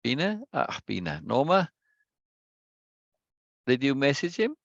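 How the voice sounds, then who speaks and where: Gravelly man hosting a study stream. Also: mid-range voice, big pitch swings, unhurried, no room sound, lo-fi sound. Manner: repeats phrases, greets viewers one by one. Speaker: host of an online study group. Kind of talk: casual livestream chat before a reading session.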